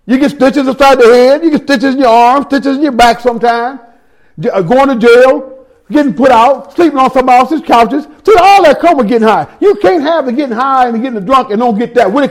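A man's voice: extremely high pitch, a little fast. A man preaching a sermon, telling his own testimony with street slang, scripture and repeated words.

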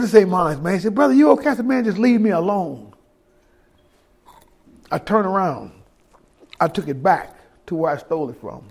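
A middle-aged man giving his testimony as a sermon, telling a story and acting out the voices of others, swinging between hushed and loud. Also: high-pitched.

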